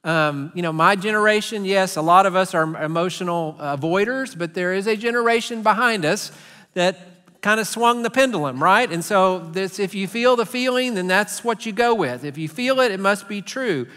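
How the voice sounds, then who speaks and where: Earnest high-voiced preacher in a reverberant hall. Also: male voice, moderate pace, sharp tone. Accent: Texan. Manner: earnest, conversational, acts out voices for humor. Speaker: pastor. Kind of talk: sermon. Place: large church sanctuary.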